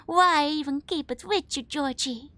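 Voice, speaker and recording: A woman's voice: high voice, measured pace, fairly bright tone, dry recording. A woman streaming a let's play, talking over the game in a giggly, playful way.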